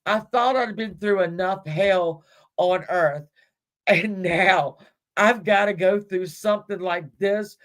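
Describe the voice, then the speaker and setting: A woman reading aloud as a terrified old fisherman, drawing out his words slowly and dramatically. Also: medium pitch, close to an everyday voice. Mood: dramatic.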